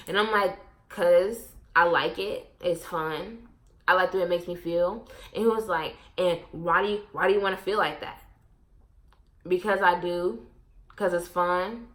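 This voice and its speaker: Bright-voiced young woman, brash storyteller. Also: mid-range voice. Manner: blunt, profane, animated storytelling with quoted asides. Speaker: vlogger. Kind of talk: casual storytime chat.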